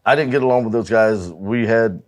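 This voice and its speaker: A man's voice: fairly low pitch, a little fast. A man, a musician guest, chatting casually in an interview and swearing freely as he tells stories about touring. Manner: profane, storytelling, laughs at own anecdotes.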